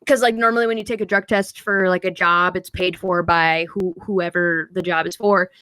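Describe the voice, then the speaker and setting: A young woman co-hosting a podcast, telling a long story in a rambling, filler-heavy, animated way. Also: on the low side, normal speed, clean tone, no echo. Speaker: podcast co-host. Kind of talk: casual storytelling chat.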